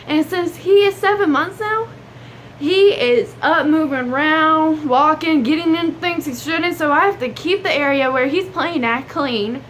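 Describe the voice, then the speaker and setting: A young woman with a drawl talks to her viewers in a casual, earnest advice vlog. Her voice sits high and bright in pitch. A faint hum of room noise runs underneath. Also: a little slow. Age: young adult. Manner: chatty, earnest, drawling with y'all. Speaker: vlogger.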